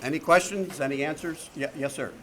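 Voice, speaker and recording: A man's voice: fairly high pitch, steady tone, a little fast, a bit bright. A man in his seventies giving a talk to a recovery meeting, telling jokes and stories with a wisecracking manner and plenty of swearing. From Connecticut, USA. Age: 70s. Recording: faint background noise, archive talk recording.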